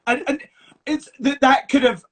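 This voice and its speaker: A man's voice: extremely high pitch, steady tone, moderate pace. Playful, swearing man chatting live. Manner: playful, swears freely, calls people babes. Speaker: co-host of a live chat. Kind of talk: casual live chat.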